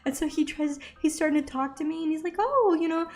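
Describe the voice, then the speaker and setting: A young woman chatting casually as she draws for a video, self-deprecating and quick to laugh. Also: sits high, flat delivery, darkish tone. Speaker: art vlogger. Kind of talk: casual chat while drawing.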